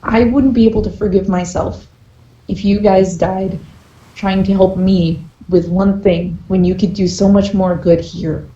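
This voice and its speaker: A woman voicing Nancy, an earnest adult woman adventurer worried for her friends, speaking in a measured, pleading way during a tabletop role-play. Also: mid-range voice, steady tone, dark tone, close to an everyday voice. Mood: earnest worry. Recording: dull, roomy amateur recording.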